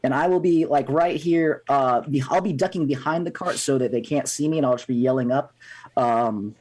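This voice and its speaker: A man's voice: medium pitch, moderate pace, darkish tone, husky. A man playing a tabletop game, describing his moves hesitantly with many fillers. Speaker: player. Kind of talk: casual tabletop game chat.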